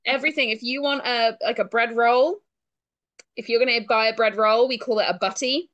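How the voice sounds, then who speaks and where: A woman's voice: on the high side, steady tone, fairly quick, fairly bright tone, dull audio. A woman with a British accent hosting a podcast interview, chatting casually and laughing often. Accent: British English. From Britain. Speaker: podcast host.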